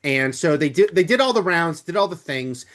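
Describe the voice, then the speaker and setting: An animated man with a fairly high voice and a lively, swooping delivery co-hosts a film podcast. He talks in casual, rambling asides with a jokey edge. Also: normal speed. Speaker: podcast co-host. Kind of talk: casual chat.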